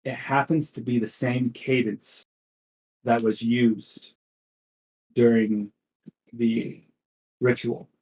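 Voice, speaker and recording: A male game master narrates a tabletop game at an unhurried, measured pace. His voice sits in a middle pitch, and he builds the scene in careful steps. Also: steady tone, a little mellow, rough recording. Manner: slow, deliberate scene-setting.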